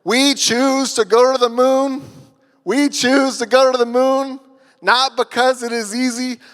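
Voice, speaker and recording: A man's voice: extremely high pitch, fairly even intonation, a bit bright, in a large hall, voice pushed up. A man doing a rousing Boston-accented president. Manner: slow, ringing oratory. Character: rousing male president giving a speech.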